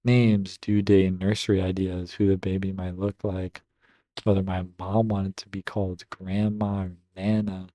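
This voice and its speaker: Guy reading story posts out loud and reacting, lowish mellow voice, dry close sound. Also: little pitch movement, measured pace, no room sound. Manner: reads a post aloud, then breaks off to react with upbeat asides. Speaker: Reddit story reader and gaming commentator. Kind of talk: reading stories aloud with casual commentary.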